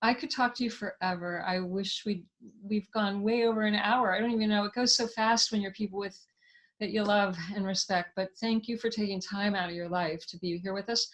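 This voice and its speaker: A woman's voice: mid-range voice, fairly even intonation, fairly quick. A woman hosting a live online talk, effusive and enthusiastic, reading viewer comments aloud and thanking her guest. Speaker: host. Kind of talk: live online interview wrap-up.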